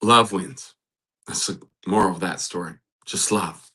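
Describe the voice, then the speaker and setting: A man with a fairly low voice and a bright, forceful tone hosts a faith-based motivational talk. He speaks earnestly and often repeats simple affirmations, and his voice sometimes softens to a near hush. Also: a little slow, slightly rough. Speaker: host and matchmaker.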